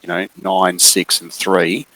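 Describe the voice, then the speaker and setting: Slow-talking game master, low voice. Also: male voice, flat delivery, sharp tone, slight background noise, poor audio. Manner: unhurried, hesitant with many fillers. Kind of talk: describing a tabletop game scene.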